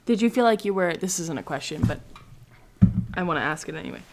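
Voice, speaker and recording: A young woman hosting a podcast, telling stories in a blunt, animated way in casual chat. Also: on the low side, fast, background noise. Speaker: podcast host.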